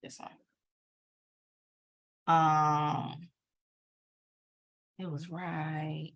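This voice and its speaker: A young woman from Chicago talks casually to viewers on a live stream. Her voice sits a little low, and she speaks as a yoga and spiritual teacher. She is chatty and loose, and she often addresses her listeners directly. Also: flat delivery, extremely slow, a bit bright.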